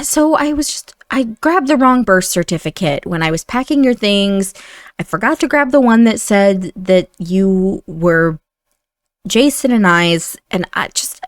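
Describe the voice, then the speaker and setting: A woman's voice: medium pitch, lively intonation, normal speed, no room sound, studio quality, close to an everyday voice. A woman voicing a remorseful older mother who pleads and apologizes.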